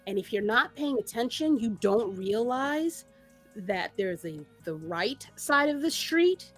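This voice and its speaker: Casual podcast co-host, woman, lively and fairly high-voiced, over faint music. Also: takes it slowly. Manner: animated, laughing, many restarts. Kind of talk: casual chat.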